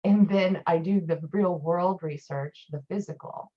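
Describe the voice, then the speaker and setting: A woman with a fairly low, husky voice talks as a guest teacher in a loose, rambling chat. She tells her stories freely and easily. The recording sounds dull and lo-fi. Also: a little slow. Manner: chatty, rambling storyteller. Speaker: guest teacher, occult priestess. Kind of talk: casual chat.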